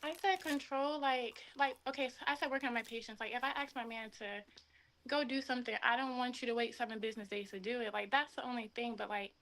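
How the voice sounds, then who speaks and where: A woman's voice: a little high, fairly even intonation, quick pace, a bit bright. Young woman talking casually with fillers. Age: 20s. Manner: casual, filler-heavy, with a lot of like. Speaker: guest. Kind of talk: casual chat.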